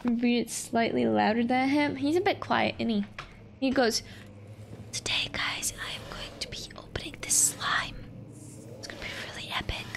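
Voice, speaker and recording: High, gravelly joking woman streamer. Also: a little hiss or hum. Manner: joking, rambling, talks over the game. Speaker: game streamer. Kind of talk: casual gameplay commentary.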